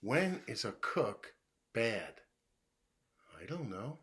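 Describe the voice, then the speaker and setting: Drawing out his words in a very animated way, a medium-pitched man reads riddles from a children's book, posing each and then giving the answer himself. He slips into a hushed voice as the baffled guesser, and there's slight background noise.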